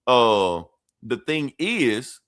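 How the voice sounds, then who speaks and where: A man co-hosting a podcast in casual chat, talking in an animated, profane way and laughing often. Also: mid-range voice, extremely slow, clean tone. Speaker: podcast co-host.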